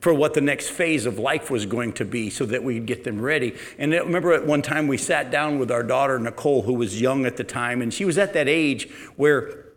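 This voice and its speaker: A middle-aged man preaching a sermon in a conversational, storytelling way, sometimes dropping to a quiet, low delivery. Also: brisk, few pauses. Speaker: pastor.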